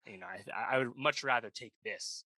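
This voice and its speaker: A man's voice: medium pitch, normal speed, bright, forceful tone, no echo. A man co-hosting a podcast, chatting casually about a film and rambling with lots of fillers. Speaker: podcast co-host. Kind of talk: casual film review chat.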